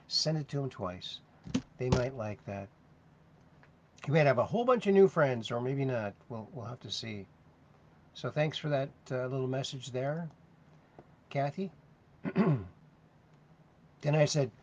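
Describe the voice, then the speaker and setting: Gravelly-voiced man hosting a chatty livestream. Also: medium pitch. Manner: chatty, reads viewer comments aloud in a sing-song voice. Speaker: host. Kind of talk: casual livestream chat. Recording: dull lo-fi sound with faint noise.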